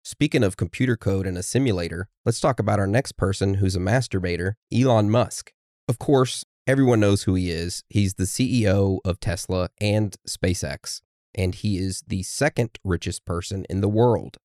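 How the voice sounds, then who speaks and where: A man's voice: low-pitched, moderate pace, a little mellow, dry recording, clean studio sound. A man co-hosting a podcast in casual chat, steering the episode and reading from notes. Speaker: podcast co-host.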